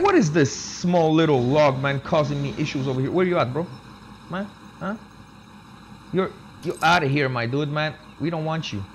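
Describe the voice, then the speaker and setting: A young man with a high, slightly bright voice chats casually with viewers while gaming on a live stream. He's laid-back, reads the chat aloud, and tosses "man" and "bro" into nearly every sentence. Game engine noise sits behind his voice.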